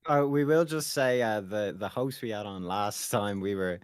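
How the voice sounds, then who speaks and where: A man's voice: fairly low pitch, moderate pace, smooth, dry recording, studio quality. A man co-hosting a podcast, teasing and blunt, swearing freely as he ribs the others. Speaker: podcast co-host. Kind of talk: casual podcast chat.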